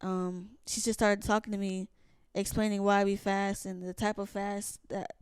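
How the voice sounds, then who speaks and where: A young woman with a smooth, clear voice tells stories in a relaxed podcast chat. She is animated and acts out other people's lines, often restarting her sentences. The sound is close and dry, with no room around it. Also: medium pitch, moderate pace, no echo. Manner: animated storyteller, acts out quotes, many restarts. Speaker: podcast co-host. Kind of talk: casual storytelling chat.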